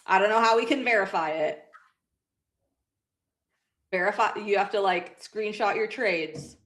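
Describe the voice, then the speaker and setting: A woman's voice: mid-range voice, a little slow, a bit bright. A woman co-hosting a live stream, chatting casually and making playful jokes. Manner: playful, jokey. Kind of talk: casual chat.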